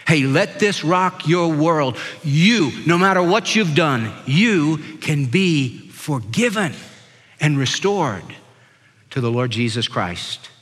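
An older male pastor with a high, bright voice delivers an impassioned sermon. He slows down and drops his voice low for the scripture passages. His words carry a long reverb, as if in a large hall. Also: lively intonation. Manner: impassioned preaching, voice dropping low and slow for scripture.

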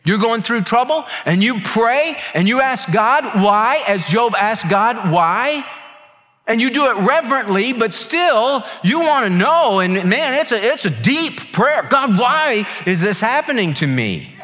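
A pastor giving a sermon, telling a story in a soft low voice and then rising with emphasis on his main points. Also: expressive, a little slow, in a large hall. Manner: storytelling, quoting others' words softly and lower.

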